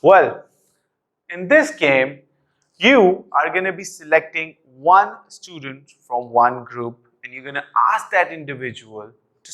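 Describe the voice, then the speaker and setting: A man's voice: a little high, a bit bright. A young man explaining a classroom activity to teachers with energy, calling them "guys" and answering his own questions. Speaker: teacher trainer.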